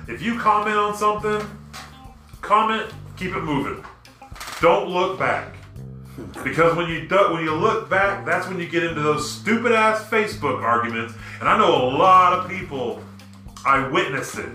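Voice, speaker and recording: A man hosting a casual podcast, telling stories in an animated, profane way and breaking into rants. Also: on the high side, moderate pace. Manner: animated, profane storytelling and ranting. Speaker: podcast host. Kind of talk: casual chat. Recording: echoey room with music underneath.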